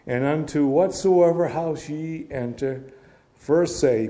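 Middle-aged man, Bible teacher, mellow voice, casual storytelling between scripture readings. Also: fairly high pitch, takes it slowly. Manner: reads scripture aloud then explains it in a casual, storytelling way.

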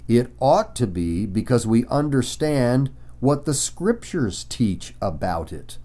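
A man's voice: mid-range voice, darkish tone. A man preaching a Bible teaching in an emphatic way, stopping often to ask his listeners rhetorical questions. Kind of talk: sermon-style Bible teaching.

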